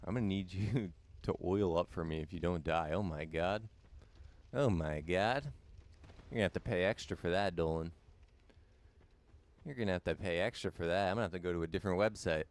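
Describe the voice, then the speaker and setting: A young man with a low, deep voice talks casually while he plays a game on a live stream. He rambles, repeats lines and answers viewer comments as they come in. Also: a little fast, long pauses. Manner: chatty, repeats himself, answers viewer chat.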